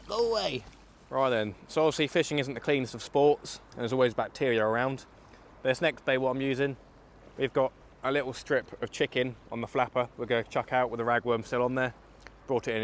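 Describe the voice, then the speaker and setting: A man's voice: medium pitch, fairly even intonation, a little fast, a little hiss or hum. A young man from England talking viewers through a fishing trip outdoors by a river, chatty and explaining each step. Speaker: angling vlogger. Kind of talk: fishing vlog commentary.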